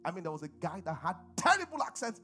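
A man's voice: high voice, sing-song, fast, bright, forceful tone, faint music behind. A middle-aged man with a Nigerian accent preaching a sermon and calling on the congregation to respond. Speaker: pastor.

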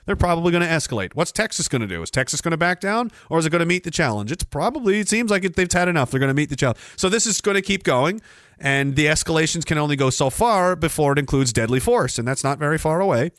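Fast-talking and lively in intonation, this Canadian host has a higher, fairly bright voice, recorded cleanly in a studio with no room sound. On his livestream he sarcastically rants about current news, swears openly, and reads viewers' comments aloud.

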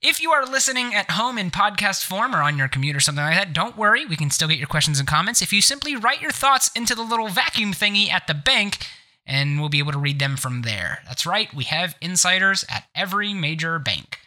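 A man's voice: high-pitched, sing-song, brisk, bright, forceful tone. A man with a stuffed-up nose hosting a casual gaming podcast, joking and sarcastic as he rambles. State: congested nose. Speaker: podcast host.

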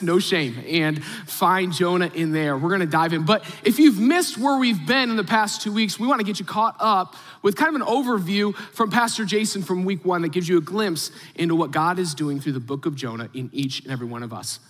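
A man's voice: high-pitched, a little fast, few pauses, fairly bright tone. Casual-talking male pastor in a hall. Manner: casual, conversational preaching. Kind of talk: sermon. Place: large church auditorium. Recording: hall reverb.

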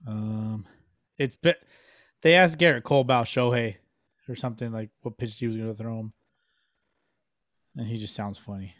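A man's voice: medium pitch, normal speed, long pauses, a bit bright, no room sound, studio quality. A man hosting a podcast in casual chat, joking and swearing freely. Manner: profane, joking, loose. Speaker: podcast host.

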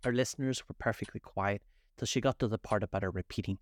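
A man reading a classic storybook aloud as a storyteller, with expressive narration. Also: on the low side, fast talker, dry recording.

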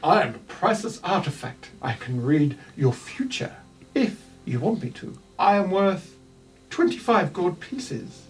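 A man's voice: high-pitched, very animated, a little slow, recorded from a distance, soft background music. A man voicing a haughty magical talking puppet, smug and self-important, with a New Zealand accent.

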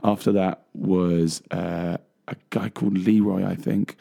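A man with a low, gravelly voice talks in a loose, rambling way on a music chat show. His tone is dark and husky. He trails off into fillers and laughs often. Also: fairly even intonation, measured pace. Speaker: co-host, bass player. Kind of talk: casual chat. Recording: radio show studio mic.

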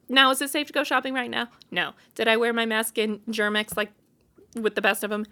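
A woman's voice: on the high side, steady tone, brisk, bright, forceful tone. A woman hosting her own show, talking casually and bluntly, candid and exasperated as she vents. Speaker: podcast host. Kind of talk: casual solo venting.

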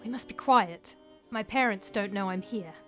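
An eager, secretive young Greek girl speaks in hushed tones, voiced by a woman reading a story aloud. Her voice stays soft and quiet, with a faint musical instrument playing in the background. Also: mid-range voice, moderate pace, soft background music, close to an everyday voice.

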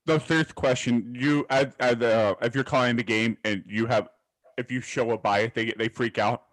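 A man co-hosting a casual sports podcast, eager and quick to jump in. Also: mid-range voice, fairly even intonation, a bit bright, poor audio. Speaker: podcast co-host.

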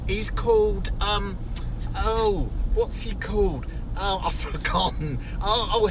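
A man's voice: sits high, noisy background, heavily acted. A man putting on a rambling, forgetful older male celebrity actor in a comic voice message, losing his words and trailing off.

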